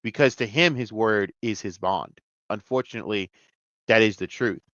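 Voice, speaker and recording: A man giving an excitable, profane review of a TV episode, jumping between near-shouts and mutters. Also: fairly low pitch, normal speed, dry recording, lo-fi sound. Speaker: TV show reviewer. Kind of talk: casual video review rant.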